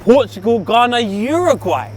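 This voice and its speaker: A man with a London accent co-hosting a casual football chat, excitable, with loud outbursts and quiet asides. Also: extremely high pitch, normal speed, a little hiss or hum. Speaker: podcast co-host.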